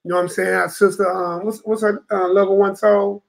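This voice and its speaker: A man's voice: sits high, level tone, a little fast, vocal fry, poor audio. A man teaching a Bible study to a room of brothers, preaching emphatically and often asking "you know what I'm saying?".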